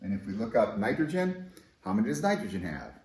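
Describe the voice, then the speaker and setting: A man teaching chemistry in a lively, conversational, enthusiastic way, in a recorded classroom lesson. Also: on the low side, fairly quick, reverberant, low-quality recording.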